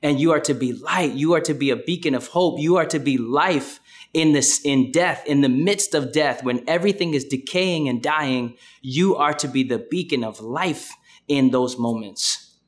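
A man's voice: on the high side, normal speed. Man preaching with rising fervor. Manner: impassioned preaching, ending in a rhythmic rapped prayer. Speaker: pastor. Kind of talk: sermon.

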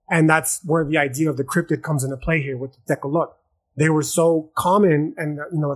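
A man talks through his subject on his own podcast, loose and profane, calling the listener "dog" and circling back on his own words. His voice sits a bit high for a man and has a husky grain. It comes across as casual, unscripted storytelling. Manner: explains at length with many fillers and restarts. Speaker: podcast host. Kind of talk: casual solo podcast lecture.

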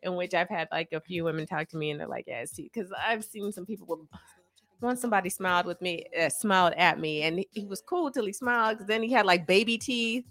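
A woman's voice: lowish voice, fast talker, fairly bright tone, no echo. A woman talking frankly and bluntly in a casual chat, with plenty of cursing.

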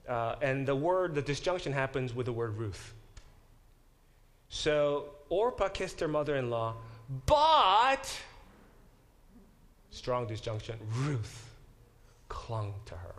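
A man of medium pitch leads a classroom Bible lesson, talking plainly to his students. He often stops to question the class and corrects himself mid-sentence. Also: lively intonation, measured pace. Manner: engaged, questions the class directly. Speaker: Bible professor teaching a class.

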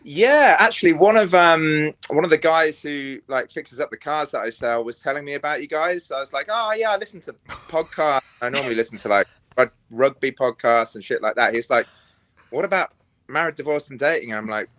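A man's voice: fairly high pitch, animated, brisk, a bit bright, dry recording. A young man, a podcast guest on a remote call, telling rambling, crude stories in casual chat with lots of fillers.

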